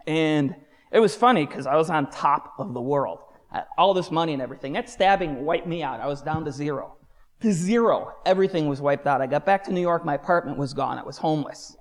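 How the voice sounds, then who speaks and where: A man tells his testimony with a voice pitched a little high for a man, storytelling in big swings. He shouts one moment and drops to a hushed whisper the next, and his words ring out with a long hall reverb. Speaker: speaker giving a personal testimony. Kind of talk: dramatic personal testimony.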